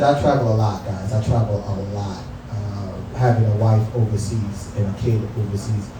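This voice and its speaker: In a small comedy room at a cannabis lounge, a man with a medium-pitched voice does a stand-up set, bantering straight at the crowd in a loose, profane way. He's picked up from afar in a very echoey room with background noise.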